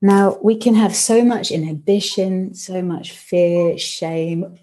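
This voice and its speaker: A woman with a low, mellow voice talks about singing as a podcast guest. She is expressive and playful, slipping into little acted-out voices as she explains, while seated on a creaky chair. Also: takes it slowly, hardly any pauses. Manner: expressive, playful, acts out quoted inner voices. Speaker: vocal improvisation teacher and guest. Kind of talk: reflective podcast conversation.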